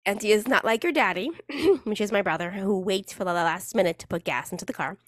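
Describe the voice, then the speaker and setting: A woman's voice: mid-range voice, fairly quick, no echo, studio quality. A woman hosting a casual solo podcast in a chatty, rambling, playful way, with the odd swear word. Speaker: podcast host.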